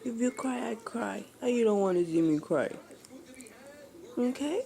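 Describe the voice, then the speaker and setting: A woman's voice: on the high side, lively intonation, a little slow, vocal fry, mellow. A woman talking to her crying dog in cooing baby talk, with endearments mixed in. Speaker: pet owner.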